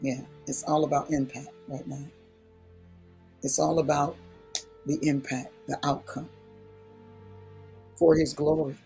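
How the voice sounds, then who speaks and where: A man's voice: on the high side, little pitch movement, measured pace, vocal fry, long pauses, warm tone, soft background music. A man preaching in a prayer session, talking in a folksy, emphatic way and repeating key phrases for weight. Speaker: prayer speaker.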